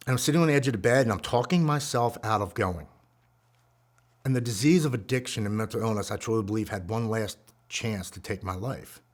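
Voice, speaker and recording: A man in his forties telling his own recovery story in an earnest, emotional way, dropping to a hushed voice at the heavy moments. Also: fairly low pitch. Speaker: guest speaker.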